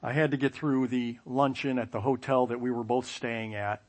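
A man telling a personal story with self-mocking humor, lively sound effects and playful asides. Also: medium pitch, moderate pace. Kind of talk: personal anecdote.

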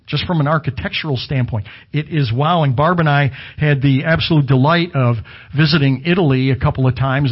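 A middle-aged pastor with a husky, mid-range voice preaches a sermon conversationally, slipping in asides and correcting himself. The lo-fi audio comes from a camera video, with slides visible behind him.

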